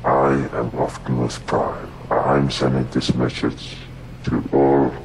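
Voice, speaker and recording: Robot commander, male, deep and slow, voice-changer processed, gravelly. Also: level tone, noisy background, heavily acted. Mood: solemn.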